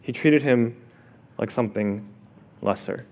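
A male pastor preaching a sermon, expressive, dropping to a hush and rising again, asking the listeners questions directly. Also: mid-range voice, unhurried, vocal fry. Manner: expressive, swings from loud to hushed.

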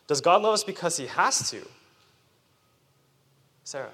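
Youth preacher, male, energetic sermon to children, lots of pitch movement, reverberant hall. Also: unhurried, husky. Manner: animated, questions the audience.

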